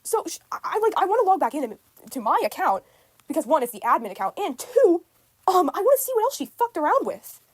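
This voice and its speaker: Upset teen girl ranting to the camera, high voice that jumps all over, dry close sound, keeps repeating herself. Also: big pitch swings, brisk, dry recording. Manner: rambling, repeats herself, frequent ums. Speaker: student vlogger. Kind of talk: casual rant to camera.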